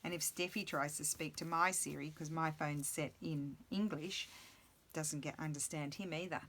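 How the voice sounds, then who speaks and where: A woman's voice: low-pitched, fairly even intonation, moderate pace, a bit bright, slight background noise. A middle-aged woman chatting casually and rambling to herself while she crafts at her table. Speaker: crafting video host.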